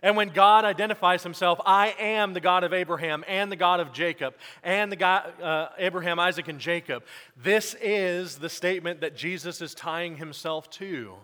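A male pastor giving church announcements and then a sermon, halting with fillers at first and then preaching emphatically. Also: high voice, sharp tone. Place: church sanctuary. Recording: long church reverb.

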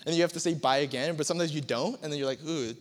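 A young man preaches to a youth crowd in a lively, joking way, breaking into acted-out scenes and sudden shouts. His voice sits high for a man. It echoes with a long reverb through a large hall. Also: rapid-fire. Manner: animated, joking, acts out movie scenes with shouts. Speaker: youth pastor.

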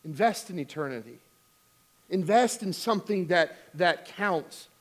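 A man's voice: high-pitched, lively intonation, measured pace. A middle-aged man preaching a sermon as pastor, telling a funny family story and then urging giving with emphatic exhortation.

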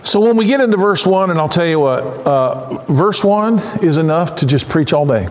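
A male pastor preaching an animated sermon, building to shouted exclamations. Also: fairly high pitch, moderate pace, a little hiss or hum. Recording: echoey hall.

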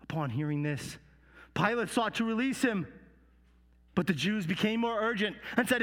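A man's voice: high voice, lively intonation, in a large hall. Brief: male performer as a remorseful soldier, first-person dramatic storytelling. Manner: storytelling with hushed dips and halting repeats. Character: remorseful Roman soldier telling his story.

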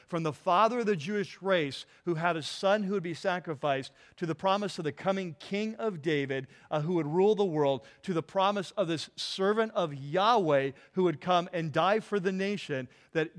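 A male pastor preaching a sermon, his voice sitting a little higher than most men's. He talks earnestly, doubles back on words as he thinks, and pauses to let the congregation call out the next word. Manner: earnest, repeats words, asks the congregation to fill in words.

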